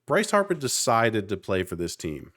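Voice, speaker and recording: A man, co-hosting a podcast in casual chat, earnest and animated. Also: lowish voice, moderate pace. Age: 30s. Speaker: podcast co-host.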